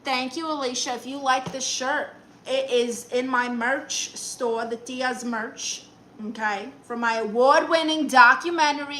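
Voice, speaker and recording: On a laid-back live stream, a woman comedian chats through viewer comments with sassy teasing, putting on exaggerated voices when quoting them. Her voice sits high with a sharp tone, and the rough recording carries slight background noise.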